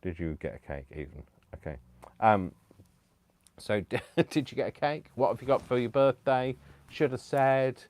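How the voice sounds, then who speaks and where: A man's voice: medium pitch, normal speed, darkish tone. A man hosting a casual live stream, chatting to viewers in a rambling, self-deprecating way from home. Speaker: livestream host making digital crafts.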